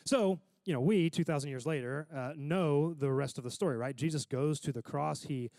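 A man's voice: a little high, normal speed, darkish tone, dry recording. A man preaching a sermon in a casual, conversational way, often checking in with his listeners.

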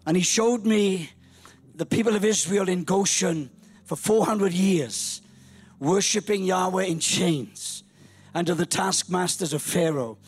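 A man in his sixties preaching a humorous storytelling sermon, lively, rising to shouts. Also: high voice, measured pace, breathy edge. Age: 60s. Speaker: pastor.

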